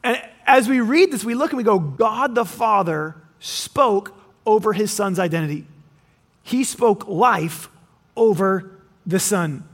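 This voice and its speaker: A man preaches a sermon in an animated way, his voice sitting unusually high for a man. He slips into quoted voices and often restarts his phrases. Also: unhurried. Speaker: pastor.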